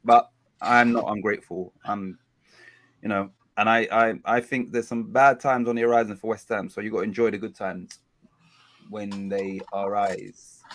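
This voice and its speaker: A man's voice: on the low side, little pitch movement, moderate pace, fairly bright tone. A man hosting a football watch-along stream, talking in a rambling, chatty way and often correcting himself. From England. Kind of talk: casual live-stream chat.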